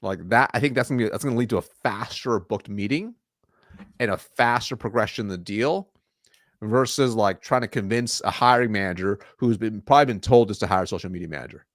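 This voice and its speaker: Low-voiced man coaching sales, dry sound. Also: brisk, dry recording. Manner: instructive, demonstrates calm flat phone lines. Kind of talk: coaching role-play on a podcast.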